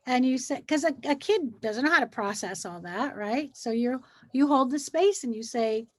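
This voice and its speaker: A woman's voice: high voice, normal speed, no echo. A woman in a casual chat about feelings, talking animatedly and acting out the way she speaks to children. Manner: animated, acts out what she says to children.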